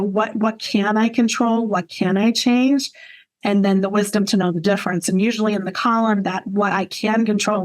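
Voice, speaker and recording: A middle-aged woman sharing her recovery story in a personal testimony talk, earnest and reflective, often repeating phrases for emphasis. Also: medium pitch.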